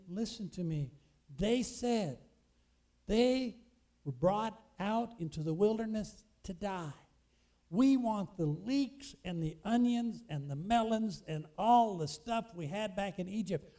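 High-voiced man preaching emphatically. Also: mellow. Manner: emphatic, call-and-response questions to congregation. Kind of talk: sermon.

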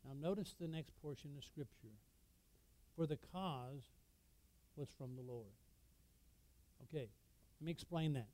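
A man preaching a sermon, reading scripture and explaining it with sudden loud emphasis. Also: a little high, unhurried, long pauses, rough recording. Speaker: pastor.

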